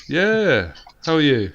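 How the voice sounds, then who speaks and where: A man's voice: a little high, huge pitch swings, very slow, vocal fry, fairly bright tone, lo-fi sound. A British man hosting a live-stream chat, rambling along with plenty of fillers and restarts. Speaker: host.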